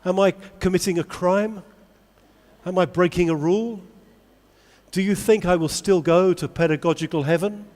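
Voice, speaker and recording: A man giving a lively conference talk to English teachers, asking the audience many questions. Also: sits high, moderate pace. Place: large convention hall. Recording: long hall reverb.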